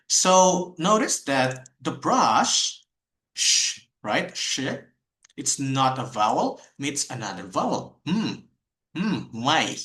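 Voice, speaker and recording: A man with an Indonesian accent teaching a pronunciation warm-up online, saying each model phrase slowly and repeating it. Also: mid-range voice, echoey room. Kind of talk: online micro-teaching lesson.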